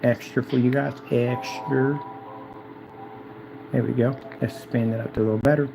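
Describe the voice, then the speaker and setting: A man talking casually and repetitively, hyping himself up while reading instructions aloud haltingly. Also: medium pitch, steady tone, creaky, music in the background, rough recording. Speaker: DIY projector screen vlogger. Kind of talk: casual self-recorded commentary.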